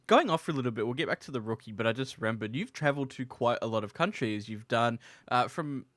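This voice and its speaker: A man with an Australian accent hosting a podcast interview, chatty and quick to laugh. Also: mid-range voice, animated, fairly bright tone, no echo. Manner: laughs easily, chatty questions. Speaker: podcast host. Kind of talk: casual interview.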